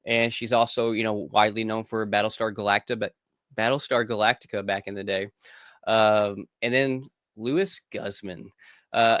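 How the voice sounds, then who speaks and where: A man's voice: lowish voice, clean tone, no room sound, studio quality. Chatty laid-back man co-hosting a podcast. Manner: relaxed, laughs often, trailing restarts. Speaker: podcast co-host. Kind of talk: casual chat.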